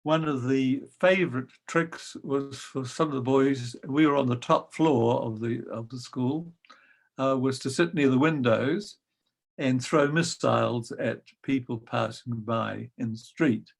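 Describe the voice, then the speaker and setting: An older man recalls his past in an unhurried, gently amused way, filling pauses with soft ums. His voice carries a gravelly edge at a middling pitch. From New Zealand. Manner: gentle, wry storytelling with frequent ums. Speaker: guest storyteller. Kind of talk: reminiscing anecdote.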